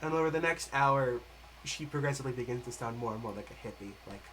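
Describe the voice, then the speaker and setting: A man running a tabletop game on stream, narrating in an easygoing way and often laughing with his players. His voice sits in an ordinary middle pitch. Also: background noise. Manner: casual, laughing, quick asides. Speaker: game master.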